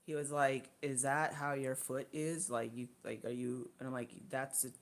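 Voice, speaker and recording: A woman's voice: a bass voice, steady tone, normal speed. A middle-aged woman chatting casually on her livestream, rambling and out of breath, thanking viewers by name. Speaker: livestream host.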